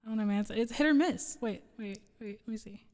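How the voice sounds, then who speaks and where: A woman's voice: a little high, fast talker, a little mellow, in a large hall. A woman streamer and singer chatting casually with her live chat, rambling and giggling as she loses her train of thought.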